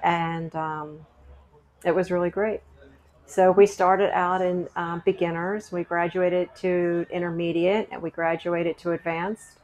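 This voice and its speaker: A middle-aged woman recounts her story to interviewers in a casual, chatty way. Her voice sits a little low for a woman, and she brings the conversations she remembers to life as she tells them. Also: a little slow. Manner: chatty, animated retelling with quoted dialogue. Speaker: guest sharing her testimony.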